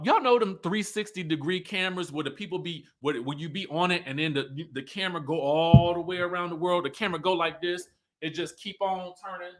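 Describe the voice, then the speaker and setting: A man hosting a casual reality TV recap. His delivery is animated and chatty, and he acts out quotes as he talks. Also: sits high. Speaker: YouTube host.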